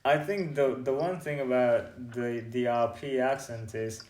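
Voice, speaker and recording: A man's voice: medium pitch, steady tone, unhurried, a little mellow. Opinionated guy joking around on a podcast, roomy echo, bit of hiss. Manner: opinionated, wry, joking complaints. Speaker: podcast co-host. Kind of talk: casual chat.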